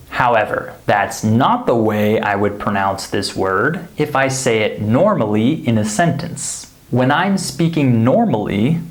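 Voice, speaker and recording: Male teacher, unhurried, clear modeling of phrases for learners. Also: mid-range voice. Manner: slow, deliberate, models example sentences clearly. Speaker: English pronunciation teacher. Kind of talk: scripted pronunciation lesson.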